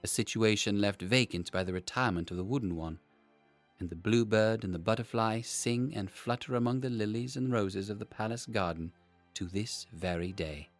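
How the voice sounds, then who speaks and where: A man narrating a children's storybook in a measured, expressive reading. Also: lowish voice, faint music behind.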